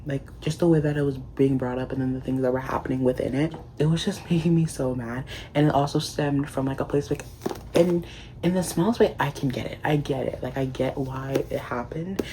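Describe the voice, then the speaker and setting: Guy gushing over a book he loved, says like every other word, mid-pitch voice, bit of faint hiss. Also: steady tone, a little fast, warm tone. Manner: gushing, constant "like" fillers. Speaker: book reviewer. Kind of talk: casual book review vlog.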